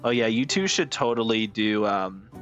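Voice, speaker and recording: A man streaming a game live, chatting casually and excitably with his viewers and swearing freely. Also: lowish voice, moderate pace, faint music behind. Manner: profane, excitable, talks to chat.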